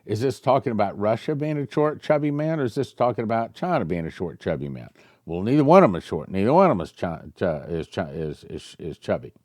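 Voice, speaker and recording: A male pastor reading a prophecy aloud to his congregation and commenting on it, growing louder on the quoted passages and musing in the asides. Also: on the low side, brisk, no echo, clean studio sound. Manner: animated, rising loud when reading quotes, musing asides.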